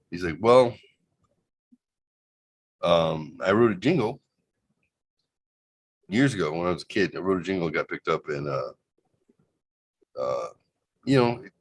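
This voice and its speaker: A man co-hosting a casual podcast, joking around and telling a long rambling story full of restarts. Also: sits low. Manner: rambling, joking, fake ad taglines. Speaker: podcast co-host.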